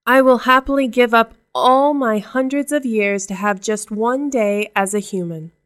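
A woman's voice: a little high, moderate pace, a bit bright, smooth, natural voice. A woman reading a storybook aloud and voicing a young mermaid who speaks earnestly and longs for a human life. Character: young mermaid girl, yearning and determined.

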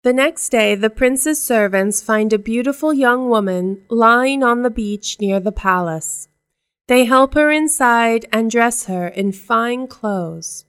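Slow, clear-voiced woman reading a storybook. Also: fairly high pitch, a bit bright. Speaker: narrator. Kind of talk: storybook read-aloud.

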